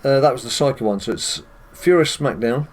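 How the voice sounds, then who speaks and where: A man's voice: medium pitch, animated, a little fast. Chatty British man narrating gameplay. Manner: chatty, addresses viewers, chuckles often. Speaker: gaming channel host. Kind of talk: casual gameplay commentary.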